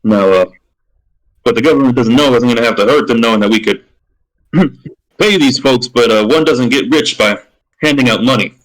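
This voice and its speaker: A man's voice: mid-range voice, moderate pace, pauses often, lightly acted, rough recording. A man voicing a smug, scheming rich businessman who drawls slyly and hesitates with many fillers.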